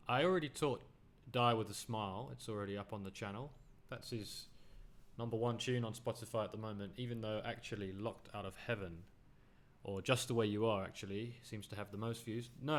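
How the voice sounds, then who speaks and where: A man teaching a song on the piano in a casual, chatty way, correcting himself as he goes. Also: lowish voice. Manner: chatty, self-correcting, half-sings the lyrics while playing. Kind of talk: casual music lesson. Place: home studio with piano. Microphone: studio USB microphone. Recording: loud piano under the voice. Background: loud piano playing.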